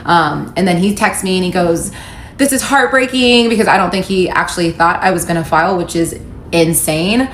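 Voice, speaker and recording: A woman telling her own story to camera in a casual, candid and animated way, reading out texts as she goes. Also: on the low side, a little fast, a little hiss or hum. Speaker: storyteller recounting her divorce. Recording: echoey room, faint ambience.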